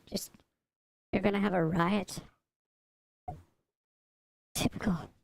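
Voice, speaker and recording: A woman casually chatting on a livestream while she draws. She answers chat and mutters softly to herself as she works, speaking into a desk microphone beside her drawing tablet. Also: medium pitch, measured pace, gravelly, long pauses, no room sound, rough recording. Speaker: streamer drawing live. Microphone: desk mic by a drawing tablet.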